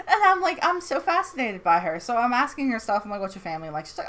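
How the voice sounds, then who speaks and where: A woman's voice: a little high, very animated, a little fast, long pauses, fairly bright tone. A woman chatting casually about a character from a tabletop game, giggling often and acting out quotes. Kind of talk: casual chat.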